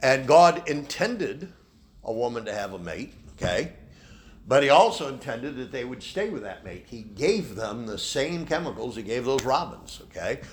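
A man's voice: mid-range voice, big pitch swings, moderate pace, slight background noise. A man preaching a sermon as pastor, who often ends his points with a questioning "okay?". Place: church.

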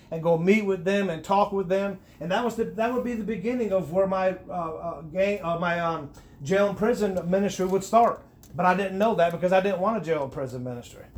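This middle-aged man, a guest, shares his personal testimony in a conversational interview. He's earnest and restarts often, his high voice rising and turning animated when he stresses something.

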